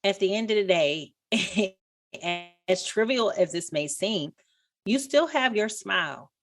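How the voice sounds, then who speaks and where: A woman's voice: mid-range voice, expressive, a little slow. A woman as a podcast guest, telling stories openly in casual conversation. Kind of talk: casual interview chat.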